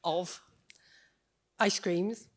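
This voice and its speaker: A woman's voice: fairly low pitch, fairly even intonation, extremely slow. A woman taking part as a volunteer in an improv game on stage, giggly and self-mocking. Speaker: workshop volunteer.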